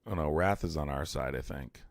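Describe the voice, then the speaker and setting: A man's voice: a bass voice, fairly quick, no room sound, clean studio sound. A man streaming a heated debate, blunt and profane, arguing with callers and reading chat aloud.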